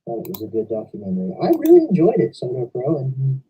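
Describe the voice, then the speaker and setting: Young male streamer, dark husky voice, sits back from the mic, rambles. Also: mid-range voice, wildly swooping pitch, fast, recorded from a distance, poor audio. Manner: rambling, talks at length about games. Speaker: stream host. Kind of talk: casual chat. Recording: voice from away from the mic.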